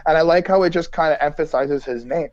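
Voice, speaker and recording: A man co-hosting a podcast, talking casually about an album in a relaxed, hesitant way with many restarts. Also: a little high, quick pace, dull audio. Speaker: podcast co-host. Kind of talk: casual album review chat.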